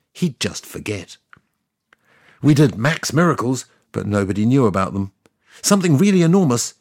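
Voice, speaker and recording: A man's voice: mid-range voice, breathy edge, no room sound, studio quality. A man plays God as a sardonic, chatty ancient deity, telling the story in a scripted comic monologue.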